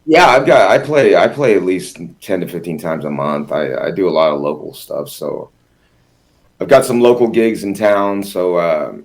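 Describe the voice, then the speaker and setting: A man who plays music, tired and yawning, talking in a relaxed, halting way in a casual interview. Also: low-pitched. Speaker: guest musician.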